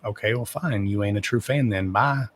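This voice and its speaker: A man whose voice sits on the low side, with a fairly bright tone, talks at a moderate pace while hosting a casual livestream. Swearing plenty and speaking bluntly, he nonetheless gushes over his viewers fondly.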